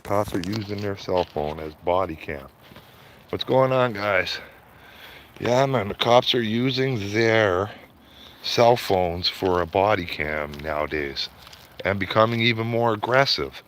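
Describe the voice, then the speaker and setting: A livestreaming street auditor walks his dog through his neighborhood streets, chatting casually, rambling, repeating greetings, and calling everyone "man." His voice is fairly low and a little slow, with a fairly bright tone and slight background noise.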